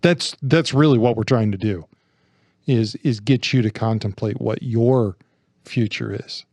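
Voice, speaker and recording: A man co-hosting a podcast who talks thoughtfully, haltingly, and often restarts his phrases. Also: mid-range voice, darkish tone, no room sound. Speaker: podcast co-host. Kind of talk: casual discussion.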